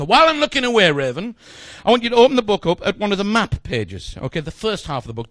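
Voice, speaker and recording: A quick, slightly high-voiced man in middle age rattles through joking magic-show patter. His playful asides land on a volunteer, and the sound is close and dry with no room around it. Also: fairly bright tone, no room sound. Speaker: stage magician. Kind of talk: live comedy magic patter.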